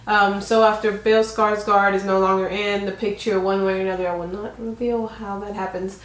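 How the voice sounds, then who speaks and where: A woman recaps a movie's story in a relaxed, chatty way, leaning on fillers as she goes. Her voice sits at a middle pitch. The room has a noticeable echo. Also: normal speed. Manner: chatty, many fillers, summarizing the plot. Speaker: co-host of a couple's film review. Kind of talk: casual movie review chat.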